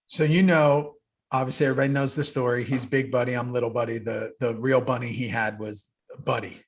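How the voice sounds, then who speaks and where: A man co-hosting a podcast, telling animated stories in casual chat and swearing freely. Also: mid-range voice, brisk, husky. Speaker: podcast co-host.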